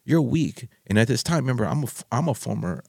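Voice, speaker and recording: A man hosting a podcast, telling a frank personal story in an animated way and laughing easily. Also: mid-range voice, racing, gravelly, no echo, clean studio sound.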